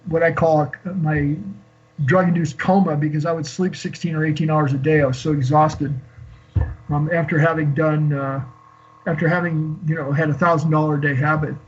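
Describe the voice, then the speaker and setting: A man in his sixties, a guest on an interview show, telling an emotional personal story in a halting way with many fillers and restarts. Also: on the high side, level tone. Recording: dull lo-fi call audio.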